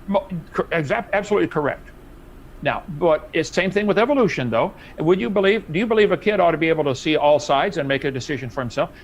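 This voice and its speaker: A man debating on a live stream, emphatic and insistent, his pitch jumping up when he presses a point and chuckling as he mocks the other side. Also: expressive, quick pace, low-quality recording. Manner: chuckling, relishes mockery. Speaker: debate guest.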